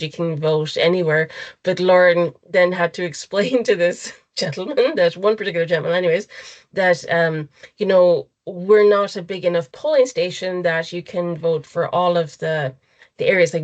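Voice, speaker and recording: A middle-aged woman, co-hosting a casual chat podcast and telling stories animatedly. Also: on the low side. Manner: animated storyteller who acts out other people's lines. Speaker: podcast co-host.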